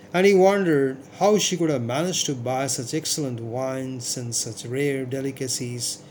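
A man narrates a classic story in a steady, measured manner. His voice sits a little high for a man, and a faint hiss runs underneath. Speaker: audiobook narrator.

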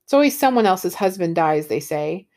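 A woman voicing a shallow, distracted wife with a bright, airy way of speaking. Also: on the low side, lively intonation, moderate pace, lightly acted.

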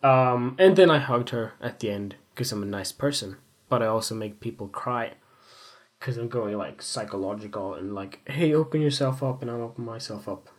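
A man's voice: on the low side, moderate pace. Candid, rambling young man musing aloud. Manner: candid, rambling, swears freely, self-mocking humor. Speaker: photographer. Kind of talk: casual reflective monologue.

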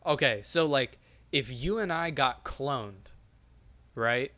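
A man's voice: mid-range voice, animated, slow pace, sharp tone. A young man chatting loosely with a friend, his sentences full of fillers and restarts. He swears casually and wanders through a point before getting to it. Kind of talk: casual chat.

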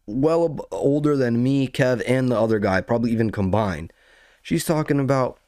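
A man's voice: medium pitch, moderate pace, mellow, dry recording, studio quality. A young man casually telling a rambling, profane story as a podcast host, full of slang and building into outrage.

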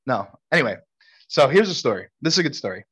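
Animated man from Brooklyn telling a story. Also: medium pitch, fast talker, breathy edge. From Brooklyn, New York. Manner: lively, laughing storyteller. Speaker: podcast co-host. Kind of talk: casual storytelling chat.

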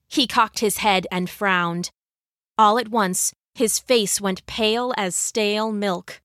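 Slow bright storytelling woman. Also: mid-range voice, no room sound, studio quality. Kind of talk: scripted children's story narration.

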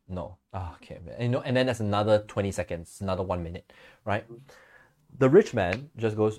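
Guy with a lowish voice on a podcast, chill storytelling, laughs a lot and acts out little quotes. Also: a little fast, darkish tone. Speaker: podcast co-host. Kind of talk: casual podcast conversation.

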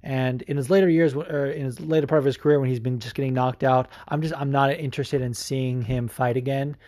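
A young adult man hosting a show, ranting with a profane, salty and animated delivery and frequent fillers. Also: mid-range voice, a little fast, no room sound. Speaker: show host. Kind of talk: profane opinion rant.

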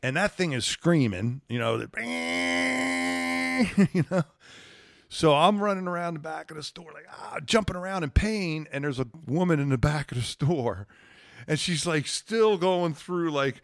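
A man, a podcast guest, telling a wild personal story in an animated, profane way. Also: fairly high pitch, measured pace, vocal fry, dry recording, studio quality. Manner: profane, excitable, acts out dialogue. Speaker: guest, former combat controller.

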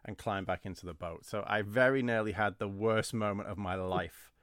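Guy hosting a podcast, telling camp stories, laughs a lot, low voice, dry sound. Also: moderate pace, clean tone, dry recording. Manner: animated storyteller, laughs often. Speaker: podcast host, former camp counselor. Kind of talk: casual storytelling chat.

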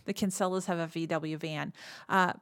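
A woman hosting a podcast, casually retelling a movie's plot, laughing often and slipping into quick quoted lines. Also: on the low side, steady tone, fairly bright tone, clear, resonant tone, dry recording, studio quality. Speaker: podcast host.

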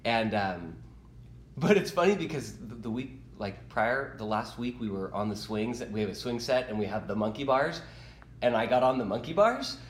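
A man's voice: mid-range voice, normal speed, slight background noise. Dad in his 30s on a podcast, voice jumps up and down a lot, roomy echo, laughs a bunch. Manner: lively, chuckling, swears mildly with "dude". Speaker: podcast co-host. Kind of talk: casual chat.

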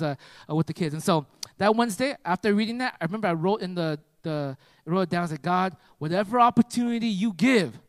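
A male pastor preaching with emphatic repetition, then telling a story in a relaxed way with many "right?" asides. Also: fairly high pitch, dry recording. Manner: emphatic, repetitive preaching, rising to loud peaks. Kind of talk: sermon with personal story.

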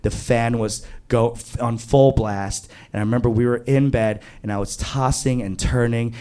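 A man in his thirties telling a candid, confessional true story on stage, animated in his retelling. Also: medium pitch. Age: 30s. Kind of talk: live true-story monologue.

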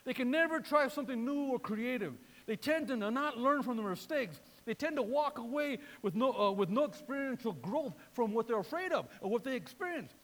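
A man preaching a sermon in a lively way, repeating words and acting out voices. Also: extremely high pitch, brisk, few pauses, in a large hall. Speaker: pastor.

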